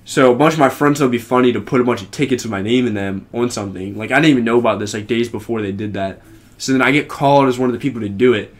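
Speaking very fast in a medium-pitched voice, a young man co-hosting a podcast tells a long, rambling story in casual chat, packing it with "like" fillers.

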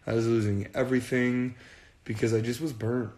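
A man's voice: medium pitch, little pitch movement, moderate pace, a little mellow, roomy sound. A man chatting casually on a phone livestream, earnest and rambling, often repeating himself. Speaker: band frontman on a livestream.

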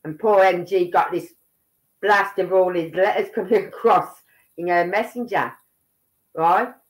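Brummie lady hosting a livestream, middle-aged, lowish voice, rambles on with loads of "right?" and "you know what i mean". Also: unhurried, poor audio. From Birmingham, England. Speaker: livestream host. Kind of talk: casual livestream commentary.

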